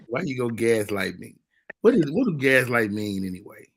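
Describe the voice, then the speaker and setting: A man hosting a live comedy talk show, playful and teasing, often bursting into loud excited shouts. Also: medium pitch, measured pace, pauses often, breathy edge. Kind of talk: loose live comedy chat.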